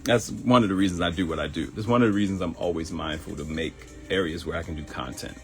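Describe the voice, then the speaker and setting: A man's voice: sits low, quick pace, faint music behind. A man hosting a live morning show, giving advice in a conversational, joking way. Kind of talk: casual livestream monologue.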